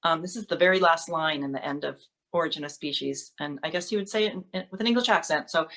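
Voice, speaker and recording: A woman's voice: low-pitched, fast, a bit bright. Wry woman performing a monologue. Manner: wry, playful storytelling with mock outrage. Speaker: solo performer.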